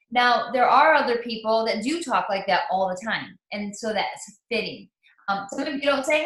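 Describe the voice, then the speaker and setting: A woman's voice: on the high side, normal speed, sharp tone, echoey room. A woman leading a live online training for new team members, talking in a chatty, upbeat way with lots of ums and restarts.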